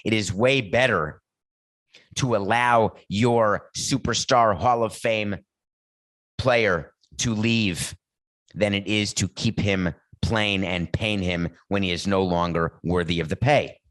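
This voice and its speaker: A man in middle age holds forth on a sports show, talking off the cuff in a blunt, emphatic way. His voice sits a little low, and the sound is dry with no room around it. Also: slow pace, fairly bright tone, dry recording. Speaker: podcast host. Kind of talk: opinionated sports talk monologue.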